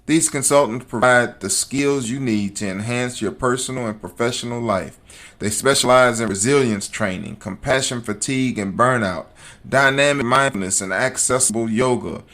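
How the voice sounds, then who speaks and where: A man hosting a podcast, shifting between emphatic, repetitive commentary and relaxed, chatty sponsor reads. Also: medium pitch. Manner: fired up and emphatic, preacher-like repetition; calm and conversational in sponsor reads. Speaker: podcast host.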